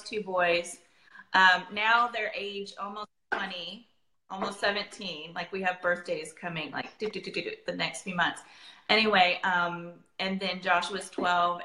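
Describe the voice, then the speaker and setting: A woman's voice: mid-range voice, sharp tone, roomy sound, low-quality recording. A woman in her forties, chatting casually as an essential oils presenter, rambling and laughing often. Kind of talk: casual chat.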